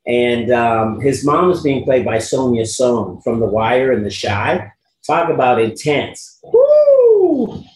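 A man's voice: medium pitch, a little slow, reverberant, rough recording. A man guesting in a casual chat, talking animatedly and laughing often. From England. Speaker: guest actor.

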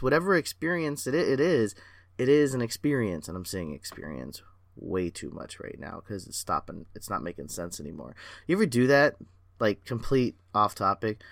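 A man hosting a solo podcast as a performance coach, excitable and rambling, talking in a self-aware way. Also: medium pitch, no echo, clean studio sound.

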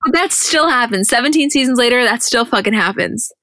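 Young woman, podcast co-host, bright voice, casual chat, animated storytelling, dry close sound. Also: on the high side, brisk, no echo. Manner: animated storytelling, quoting others in put-on voices, frequent swearing. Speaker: podcast co-host recapping episodes.

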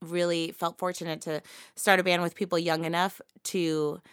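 A woman's voice: on the low side, little pitch movement, moderate pace, fairly bright tone, smooth, no echo, clean studio sound. A woman who is a touring drummer, chatting casually on a podcast, swearing freely and laughing often.

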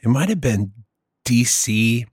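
Man, casual storyteller, lively pitch, dry close sound, cussing freely. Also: slow, husky, no room sound. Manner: animated storytelling, swearing, frequent "dude". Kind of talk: casual chat.

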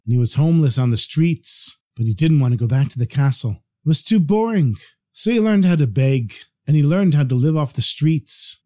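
A man telling a parable as a storyteller, in an animated, expressive way. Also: on the high side.

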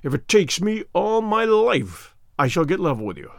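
A man voicing a proud male enemy spy taken prisoner, who speaks in a bitter, grim and deliberate way, in an audiobook reading. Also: a little high, very animated, a little mellow, no room sound, studio quality.

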